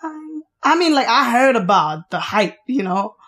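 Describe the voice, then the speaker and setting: A young woman with a Haitian accent talks in a casual podcast chat, blunt and teasing, in quick bursts. Her voice sits a little high for a woman. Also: very animated, fairly bright tone. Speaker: podcast guest.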